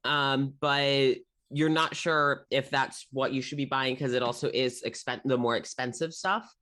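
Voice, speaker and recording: A man serving as game master for a tabletop role-playing game, narrating the scene. He talks in an easygoing, meandering way, often pausing on an um or uh. His voice sits at a middling pitch for a man. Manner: relaxed and rambling, with frequent 'um' and 'uh'.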